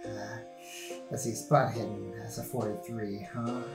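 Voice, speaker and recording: Wry tabletop player in a roomy sound. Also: male voice, fairly low pitch, little pitch movement, a little slow, recorded from a distance, over music. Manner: wry, groaning at rolls. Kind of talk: tabletop game play.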